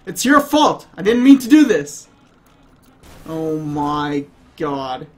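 Lively, playful gaming commentator man. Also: fairly high pitch, slow pace. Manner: playful, excitable, bursts into laughter. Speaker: gaming YouTuber. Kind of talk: let's play gameplay commentary.

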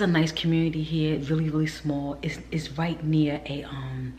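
Low, mellow-voiced woman vlogging casually. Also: steady tone, moderate pace, hardly any pauses, a little hiss or hum. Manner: chatty and candid, often drops to a whisper. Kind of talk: casual chat while touring a model home. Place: indoors, model townhouse.

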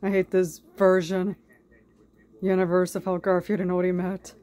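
A woman doing an improvised mock-dub over a cartoon, rambling with heavy swearing in a deadpan way. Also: lowish voice, moderate pace. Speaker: comedic fan dubber.

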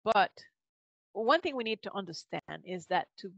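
A woman's voice: mid-range voice, lively intonation, moderate pace, vocal fry, no room sound, lo-fi sound. A woman from Canada with a Quebec French accent, speaking English as a second language as a guest linguist in a podcast interview, thoughtful and laughing often, with many fillers and restarts.

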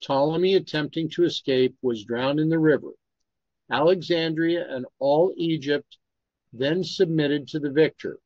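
A man's voice: on the high side, measured pace, no echo. Man reading history aloud, dry lo-fi. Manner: steady reading, stops to comment on pronunciation. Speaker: Bible study reader.

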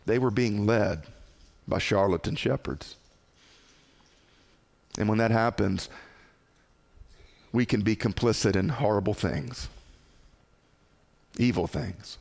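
Gravelly, impassioned male preacher. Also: slow pace, pauses often. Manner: impassioned preaching, swings from loud outbursts to hushed low tones. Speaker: pastor. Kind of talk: sermon.

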